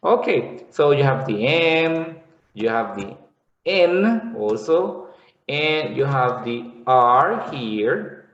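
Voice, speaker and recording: Male teacher, patient classroom explaining; slow, roomy lo-fi sound. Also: medium pitch, sing-song. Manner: explains slowly, repeats words, checks in with "okay". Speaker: English teacher. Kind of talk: classroom lesson. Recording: echoey room, dull lo-fi sound.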